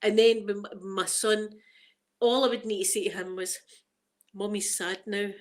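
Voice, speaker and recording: A woman's voice: mid-range voice, steady tone, moderate pace. A middle-aged woman with a Glaswegian Scottish accent, hosting a casual ASMR chat and rambling through stories full of local slang. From Scotland. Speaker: ASMR channel host.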